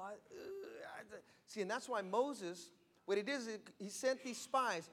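A man's voice: sits high, expressive, normal speed, a bit bright. A male pastor preaching a sermon to a live congregation in a church, emphatic and repetitive, stressing key phrases.

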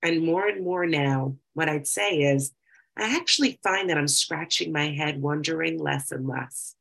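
Low gravelly woman, reflective. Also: a bit bright, rough recording. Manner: reflective, reads passages aloud slowly then talks freely. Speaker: speaker sharing recovery experience. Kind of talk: personal talk with reading aloud.

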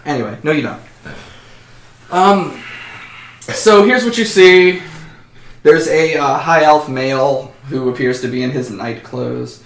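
A man's voice: a little high, a little slow, long pauses, echoey room. A man narrating a tabletop role-playing game as game master, casually and with frequent ums.

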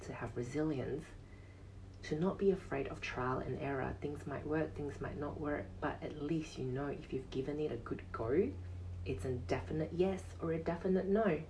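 A male yoga teacher hosting his own podcast, giving an earnest motivational monologue in a high, soft, soothing voice and repeating phrases for emphasis. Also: moderate pace, creaky, distant mic, slight background noise, poor audio. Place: casual home podcast setup.

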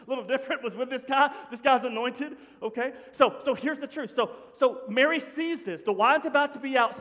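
High-voiced animated preacher in a reverberant hall. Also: male voice. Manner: animated, conversational preaching with sudden drops to a hush. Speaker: pastor. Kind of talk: sermon.

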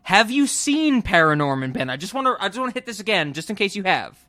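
A young man talks films on a podcast in a high, bright, forceful voice. He gushes with open enthusiasm and drops swear words freely. His style is loose and conversational. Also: big pitch swings, fast talker. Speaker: podcast co-host. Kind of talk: casual film discussion.

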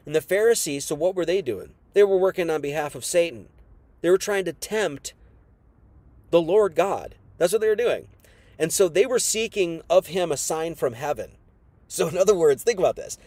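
A man gives a casual Bible teaching in an emphatic, conversational way. He breaks into asides and restarts often. His voice sits slightly high and sounds dry and close. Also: expressive, moderate pace, a little mellow, no room sound. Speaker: preacher.

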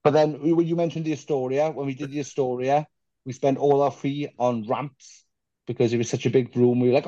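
A man's voice: mid-range voice, fairly even intonation, brisk, dark tone, dry recording, muffled recording. Rambling man telling band stories. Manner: rambling, self-deprecating storyteller, swears casually. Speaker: musician guest. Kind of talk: casual interview chat.

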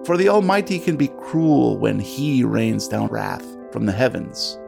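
A man voicing a woman pastor who preaches a solemn sermon in a slow, grand, chanting way. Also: medium pitch, expressive, gravelly, over music.

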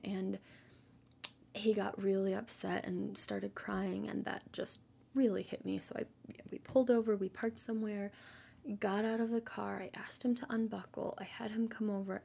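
Woman, devotional teacher and mom: casual, earnest, gentle, husky tone with soft near-whispered stretches. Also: medium pitch. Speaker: Christian mother giving devotional teaching.

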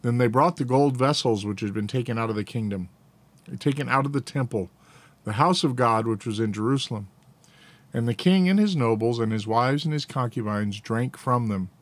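A man reading scripture aloud in a steady, plain way, now and then correcting a slipped word. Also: mid-range voice, normal speed, no room sound. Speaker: scripture reader.

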